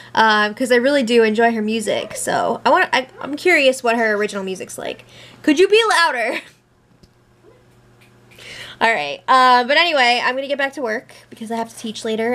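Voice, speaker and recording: Brief: woman vlogger, slightly high voice, upbeat and rambling. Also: fairly bright tone. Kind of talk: casual vlog chat.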